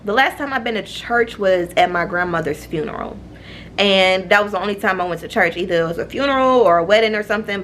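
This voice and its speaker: A woman talks straight to her viewers in a candid, confiding vlog, earnest and given to repeating herself. Her voice sits at an ordinary middle pitch but leaps up high on emphatic words. A faint hiss runs under the recording. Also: fairly bright tone. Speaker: vlogger. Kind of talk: candid personal storytelling to camera.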